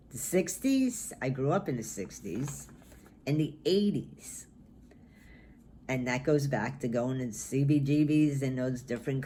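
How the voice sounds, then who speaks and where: Woman, 60s, vlog host; slow, meandering casual talk, light background noise. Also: rumbling low, darkish tone. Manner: rambling, musing aloud. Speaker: knitting vlogger. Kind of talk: casual chat.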